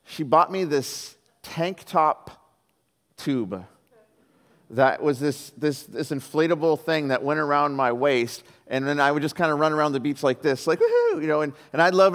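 Animated pastor, reverberant church hall. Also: male voice, fairly high pitch, clean tone. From Southern California. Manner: animated storyteller, acts out quoted voices, many "like"s. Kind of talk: sermon.

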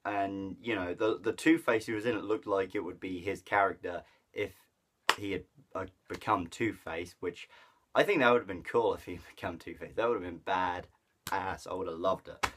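A man's voice: sits low, moderate pace, noisy background. A man giving a casual, rambling film review full of fillers and restarts. He is enthusiastic and chuckles at the jokes he retells. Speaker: movie reviewer.

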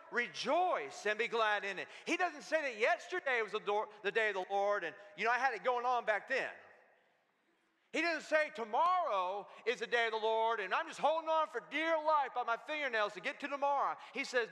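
A man preaching to his congregation with a high, bright voice. He jokes and leads call-and-response lines with animated energy. The sound carries a long reverb from a church hall. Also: normal speed. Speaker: pastor. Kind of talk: sermon. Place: church sanctuary.

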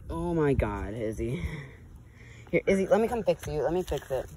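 A woman's voice: deep voice, sing-song, moderate pace, background noise. A woman vlogging casually, chatting and coaxing her dogs at home and then out on a walk. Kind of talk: casual vlog chat.

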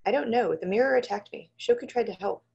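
A woman's voice: a little high, fast, gravelly, warm tone, husky, highs cut off, pitched above the performer's own voice. A woman reading the lines of a frightened, guilt-stricken young apprentice sorceress who stammers and pleads. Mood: anxious. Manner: shaken, faltering, pleading. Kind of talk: audiobook-style reading.

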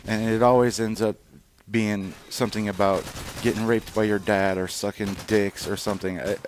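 A man's voice: fairly low pitch, steady tone, normal speed, a little hiss or hum. A man casually commenting over gameplay footage, rambling and swearing freely, with lots of fillers and restarts. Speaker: gaming channel host.

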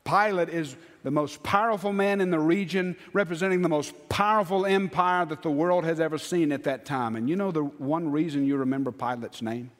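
A man preaching a sermon as pastor, earnest, dropping to hushed low lines and rising to emphatic ones. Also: a little fast, few pauses, soft background music. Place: church sanctuary. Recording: long church hall reverb.

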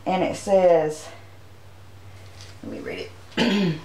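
Slow-talking woman showing off a haul. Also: lowish voice, animated, roomy sound, rough recording. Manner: chatty, homey, shows items to camera. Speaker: channel host. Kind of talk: casual shopping haul chat.

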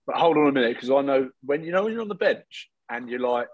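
Husky-voiced man in casual rugby chat. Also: medium pitch, expressive, fast talker, lo-fi sound. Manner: jokey, swears, relates from own playing days. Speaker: co-host.

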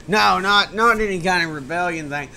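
A tired, burnt-out man rambling and swearing in a late-night vlog on a webcam mic, drifting from loud outbursts to mumbles. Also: sits high, moderate pace, vocal fry, slight background noise. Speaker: vlogger.

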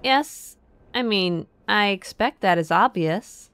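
A woman's voice: mid-range voice, expressive, takes it slowly, a bit bright, no echo. A woman voicing a cautious counselor woman who speaks in a tight, careful, slightly nervous way. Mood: guarded.

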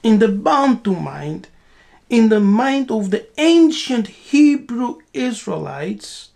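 A woman's voice: fairly high pitch, big pitch swings, slow, vocal fry, a little mellow. A woman giving a spiritual teaching, asking rhetorical questions and answering them herself with emphatic repetition.

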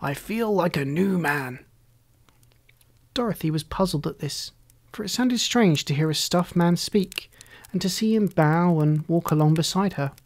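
A storyteller reading a classic children's story aloud in a calm, measured narration. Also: medium pitch, dry recording.

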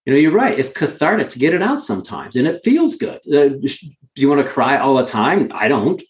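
A man's voice: mid-range voice, big pitch swings, fairly quick, reverberant. A male guest telling candid stories in an earnest, emphatic way, often restarting his words. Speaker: guest, mountain guide. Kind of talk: candid conversational storytelling.

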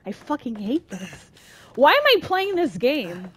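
Brief: young woman streamer, slightly high voice, slow drawn-out delivery, swears a lot, panics loudly. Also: very animated, slight background noise. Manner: swearing, dramatic, easily scared. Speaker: let's play gamer. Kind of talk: horror game commentary.

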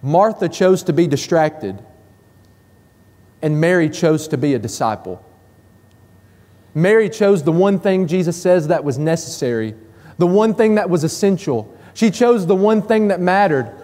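A male pastor preaching a sermon, his fairly high voice mellow rather than bright. He drives his points home by repeating key phrases, and each one trails off in the long reverb of a church hall. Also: lively intonation, measured pace.

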